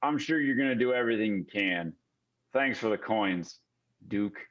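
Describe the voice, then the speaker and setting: A man's voice: on the low side, lively intonation, normal speed, fairly bright tone, lo-fi sound, pitched below the performer's own voice. A man voicing a wary, streetwise orphan boy with a sarcastic drawl. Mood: dubious.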